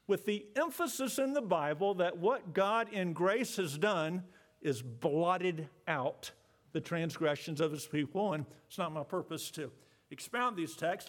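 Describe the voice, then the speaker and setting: A man pastor giving an earnest, measured sermon, repeating key phrases and slowing down for emphasis. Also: high voice. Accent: Southern US.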